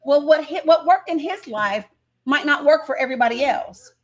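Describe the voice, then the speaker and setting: A woman's voice: high voice, animated, normal speed. A woman from Northeast Tennessee hosting a political live stream, talking emphatically and insistently while greeting viewers in the chat.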